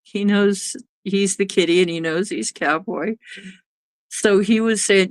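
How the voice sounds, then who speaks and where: A woman's voice: mid-range voice, measured pace, dry recording. A woman hosting a livestream, chatting casually and rambling, now and then cooing at her cat. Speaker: livestream host.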